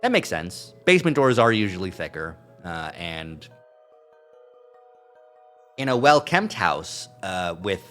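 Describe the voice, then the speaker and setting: A man's voice: sits low, big pitch swings, slow, long pauses, fairly bright tone, soft background music. A male streamer reading a visual novel aloud on a live stream, adding joking asides. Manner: reads narration with asides and chuckles.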